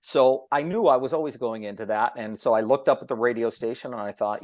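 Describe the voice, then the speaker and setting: A man guest on a podcast, telling a story about his broadcasting start in a lively, chatty way and acting out what others said. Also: mid-range voice, fast talker, hardly any pauses, no room sound, clean studio sound. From Ohio. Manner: animated storyteller who acts out quoted voices. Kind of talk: storytelling in casual chat.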